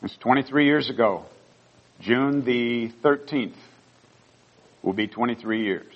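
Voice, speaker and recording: A man's voice: medium pitch, slow, lo-fi sound. An older man, a pastor, telling personal stories in a sermon in an earnest, heartfelt way. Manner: earnest storytelling, rising emotion at key moments.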